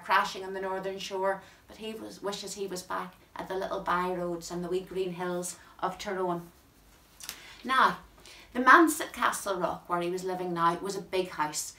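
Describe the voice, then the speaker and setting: A woman gives a talk from home, reading poetry aloud with measured, expressive, careful diction. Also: medium pitch. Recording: roomy and distant from the mic.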